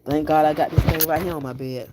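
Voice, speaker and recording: Brief: woman vlogger at home, deep voice, chatty and exasperated, faint hiss behind. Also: steady tone, fast talker. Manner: exasperated, chatty, talks straight to viewers. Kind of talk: casual chat to viewers. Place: home bedroom.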